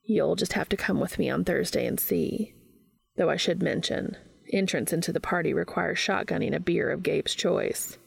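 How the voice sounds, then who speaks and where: A woman's voice: lowish voice, moderate pace, vocal fry, slightly rough, exaggerated voice. A woman voicing a reserved, dry-witted male professor in a storybook reading. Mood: mischievous. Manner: dry, deadpan.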